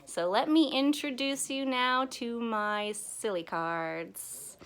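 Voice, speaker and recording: Slow, playful woman teacher. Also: a little high, clear, resonant tone. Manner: slow, gentle and playful, sings and acts out the class. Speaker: pre-K teacher. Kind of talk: children's lesson video.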